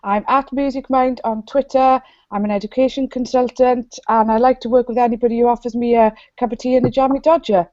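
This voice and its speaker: A woman's voice: on the high side, fairly even intonation, brisk, a little mellow, no echo. A woman, an education consultant, introducing herself on a webinar in a playful, jokey way. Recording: dry lo-fi online call audio.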